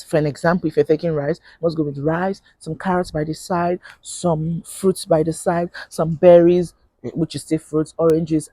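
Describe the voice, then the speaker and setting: A woman's voice: low-pitched, dark tone, husky, no room sound, rough recording. A woman with a Nigerian accent giving casual advice in a chatty vlog, laughing often and repeating points for emphasis. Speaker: vlogger.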